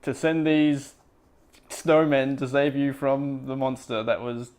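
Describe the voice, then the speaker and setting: A man's voice: mid-range voice, level tone, slow pace, a little mellow. Wry rambling man recapping a book. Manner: rambling, filler-heavy, wry asides. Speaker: podcast host.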